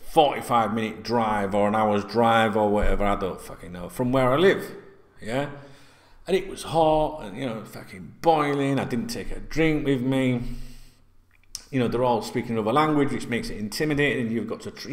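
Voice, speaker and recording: A man's voice: medium pitch, moderate pace, reverberant. An English man telling a rambling story to his viewers, swearing freely and calling them guys. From England. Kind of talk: casual storytelling to camera.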